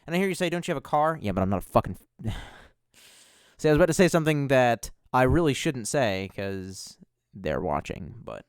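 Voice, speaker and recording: A man's voice: medium pitch, sing-song, normal speed, clean tone, no echo, clean studio sound. Rambling, profane male streamer. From United States. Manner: rambling, profane, self-mocking. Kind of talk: casual livestream chat.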